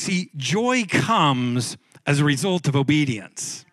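A male pastor preaches in a relaxed, conversational way, often doubling back on his words. His voice sits a little high for a man. The sound is dry and close, with little room around it. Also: normal speed, few pauses, no echo. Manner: conversational preaching with frequent repeated words and restarts. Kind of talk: sermon. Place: church sanctuary.

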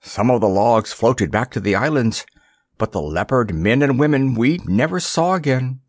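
A man voicing a gentle, wise female hippopotamus in a storybook, speaking gravely and calmly. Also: mid-range voice, moderate pace, dry recording, studio quality, lightly acted. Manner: grave, calm and solemn.

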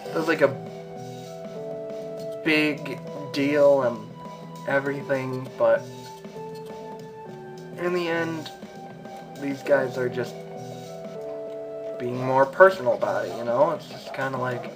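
A man's voice: medium pitch, takes it slowly, long pauses, over music. A man giving rambling gameplay commentary as a let's play host, mumbling at times and bursting out angrily at others. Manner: rambling, swings between mumbling and angry outbursts.

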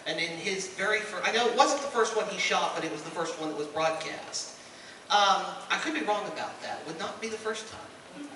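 A man with a notably high voice moderates a convention panel, asking chatty questions. He sounds far from the mic in a very echoey hall, with clear room noise behind him. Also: animated, fairly quick. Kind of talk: interview questions.

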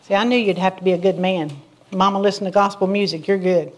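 A woman's voice: mid-range voice, steady tone, a little hiss or hum, lightly acted. A woman playing a sassy, gossipy churchgoing country woman who trades jokes on a talk show, speaking. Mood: teasing. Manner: chatty, teasing, quick to laugh at her own jokes. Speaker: comedy character visiting a diner show. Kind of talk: comic banter on a talk show.

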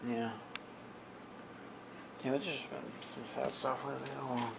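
A man's voice: medium pitch, little pitch movement, measured pace, creaky, heavy background noise. A man rambling sarcastically in a casual vlog, talking to his dog between stories. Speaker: vlogger.

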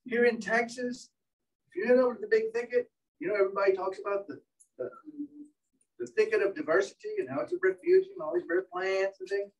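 A high-voiced man lectures a training group, spinning lively, animated stories about beetles. His pitch jumps around a great deal. He is recorded from across an indoor room. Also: quick pace, vocal fry, recorded from a distance, rough recording. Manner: animated storyteller, acts out voices. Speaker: entomologist lecturer.

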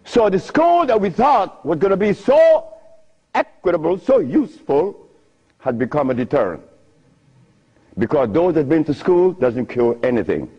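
An older man giving a talk, telling stories with frequent laughter and big swings in pitch. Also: sing-song, moderate pace, warm tone, husky. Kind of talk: animated storytelling lecture. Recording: muffled lo-fi recording.

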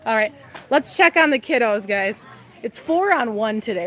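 Soft music plays in the background as a woman in her thirties chats on a live stream while walking a big store. Her a-little-high, a-bit-bright voice has lively intonation at a normal speed, and she's bubbly, laughing often, slightly breathless.

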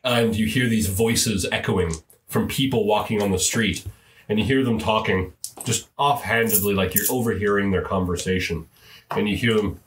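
A man narrating as game master of a tabletop game, describing scenes in halting narration. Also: lowish voice, echoey room, a little hiss or hum.

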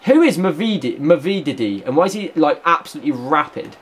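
A man giving gameplay commentary as a gaming YouTuber, excitable and shouting at the game. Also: a little high, fairly quick.

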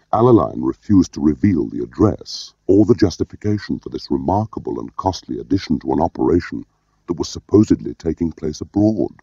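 A man narrating an audiobook in a measured, understated way. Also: very deep voice, lively intonation, warm tone, breathy edge, dry recording. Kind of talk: scripted narration. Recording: dull lo-fi audio.

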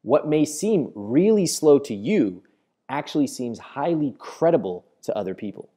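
A man hosting an instructional talk to camera in a studio, speaking expressively and deliberately slowing his delivery to make points. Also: medium pitch, big pitch swings, warm tone. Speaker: host.

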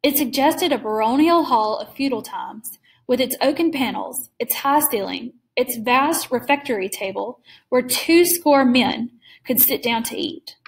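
A woman reading a classic short story aloud in a measured, clear storytelling manner. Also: high-pitched, rough recording. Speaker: reader.

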